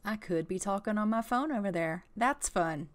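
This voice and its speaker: A woman voicing a neglected toddler girl stuck in a high chair, making whiny, self-pitying complaints in a video game. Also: expressive, moderate pace, natural voice. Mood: sulky.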